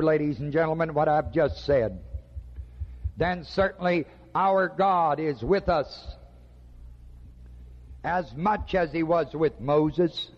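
A man preaching a sermon slowly and emphatically, with dramatic pauses. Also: fairly high pitch. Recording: dull lo-fi recording with long hall reverb.

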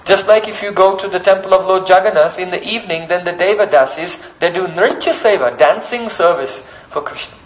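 A man's voice: high-pitched, a little fast, few pauses, highs cut off. A man preaching a devotional sermon as a story, often checking in with the listeners by asking them questions.

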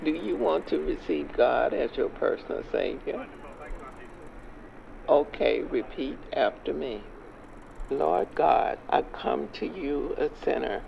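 Casual: a stern old churchgoer preaching slow, street noise behind. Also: male voice, a little high, expressive, creaky, dull audio, full character voice. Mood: solemn. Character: stern elderly churchgoer preaching to young men. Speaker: elder leading a prayer.

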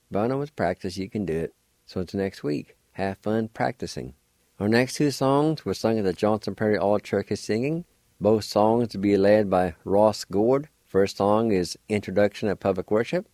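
A man hosting a radio language lesson, spelling and pronouncing words slowly and deliberately, letter by letter. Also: fairly low pitch, mellow, dry recording. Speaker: radio language teacher and host.

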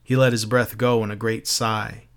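A man's voice: on the low side, level tone, normal speed, a bit bright. A man narrating a novel aloud in an unpolished reading that corrects its own slips. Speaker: reader. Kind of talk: audiobook narration.

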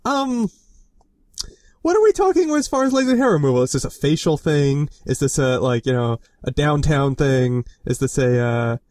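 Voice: mid-range voice, animated, a little mellow, no room sound, clean studio sound. A podcast co-host in their mid-twenties, chatting playfully over a video call and teasing with jokes. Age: 20s. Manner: playful, teasing, quick to laugh. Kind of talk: casual comedic chat.

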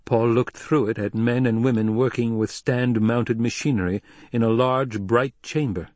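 A man reading a novel aloud as an audiobook narrator, in an even, measured way. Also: mid-range voice, dry recording. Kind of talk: scripted narration.

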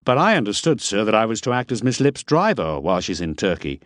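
A man's voice: on the low side, big pitch swings, brisk, fairly bright tone, no room sound, clean studio sound. A man playing a hired driver and guide who talks respectfully and a little indignantly while hiding his nerves. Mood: respectful indignation. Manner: respectful, indignant, a bit defensive.

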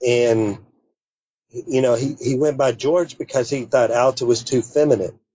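A man with a mellow, dark voice tells a personal story in a loose, rambling way, often circling back with fillers and restarts. The sound is dry and a little dull, with a lo-fi edge. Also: mid-range voice, measured pace, husky, no room sound. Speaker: interview guest. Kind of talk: casual storytelling.

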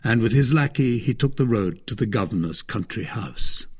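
A man narrating a classic adventure novel in a measured storytelling manner. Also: lowish voice, expressive, husky. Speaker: audiobook narrator.

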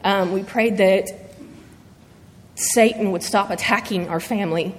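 A woman sharing a personal faith testimony before her church, speaking earnestly and haltingly through emotion. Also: medium pitch. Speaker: church member giving testimony. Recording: long reverb of a large hall.

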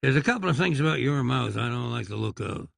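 A man voicing a sardonic Western gunslinging dentist with a slow, folksy drawl and a gravelly, dry sound. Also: mid-range voice, lively intonation, fairly bright tone, dry recording, full character voice. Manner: wry, unhurried and folksy.

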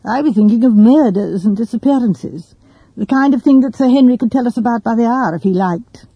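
A woman's voice: a little high, a little fast, mellow, breathy edge, dry recording, lo-fi sound. A woman voicing a self-conscious young male writer who talks earnestly and a little pompously.

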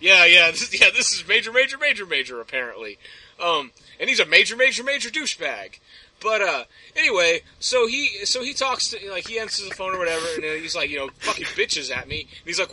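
A man's voice: high voice, sing-song, brisk, pushed and bright, low-quality recording. A man telling a story as a podcast guest, ranting and rambling with plenty of swearing. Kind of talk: casual chat, storytelling.

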